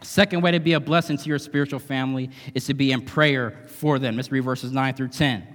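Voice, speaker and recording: A man's voice: medium pitch, fairly even intonation, a little fast, fairly bright tone. A male guest preacher giving a conversational, emphatic sermon in a church, often adding tag questions. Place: church sanctuary. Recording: long hall reverb.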